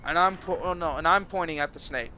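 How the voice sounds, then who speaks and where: High-voiced man rambling a crude story. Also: fast, pushed and bright, a little hiss or hum. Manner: crude, rambling, self-mocking. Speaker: streamer.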